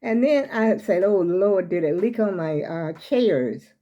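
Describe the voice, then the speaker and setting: A woman's voice: lowish voice, animated, a little slow, warm tone, highs cut off. An older woman, vlogging casually from home on her phone. She rambles as she talks and keeps speaking straight to her viewers as "y'all". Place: small room at home.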